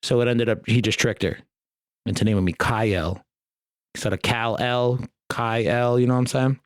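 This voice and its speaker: A man's voice: mid-range voice, fairly even intonation, moderate pace, no echo. Guy ranting on his solo podcast, cussing, rambling jokes, dry close sound. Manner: rambling, profane, jokey rants. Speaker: podcast host. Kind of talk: casual solo podcast chat.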